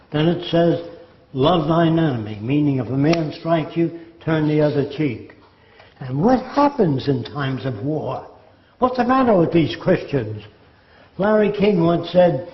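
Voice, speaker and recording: An older man lectures somewhat slowly, his slightly high voice full of lively intonation. Mimicking quotes, he grows sardonic and mocking throughout the monologue. The echoey room gives the recording a dull, lo-fi quality.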